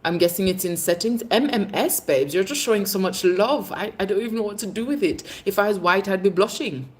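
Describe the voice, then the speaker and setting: A woman hosting a casual livestream, reading viewer comments and chatting animatedly, calling viewers "babes" and laughing often. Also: brisk. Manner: bursts of laughter, lively pitch swings. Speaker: livestream host. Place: Jamaica.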